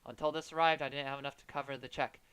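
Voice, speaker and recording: A man's voice: mid-range voice, steady tone, very fast, fairly bright tone, smooth, dry recording, lightly acted. A man doing an earnest, rambling suburban dad. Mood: confessional. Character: hapless, cheerful suburban dad. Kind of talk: comedic parody dub.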